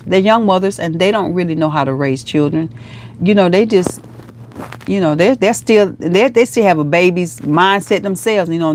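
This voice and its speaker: Chatty woman hosting a live stream. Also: deep voice. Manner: chatty, animated, calls viewers girl and honey. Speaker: vlogger hosting a livestream. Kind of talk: casual livestream chat reading comments.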